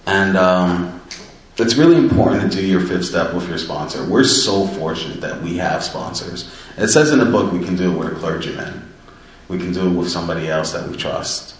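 A man's voice: low-pitched, normal speed. A man earnestly and reflectively telling his personal story of recovery. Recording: very echoey room, distant mic.

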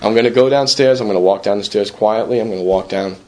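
This man's fairly low, slightly mellow voice moves at a quick pace. Sharing his personal recovery at a meeting as a recovering alcoholic, he's earnest and self-deprecating, conversational and repetitive, and keeps seeking agreement with "right?".

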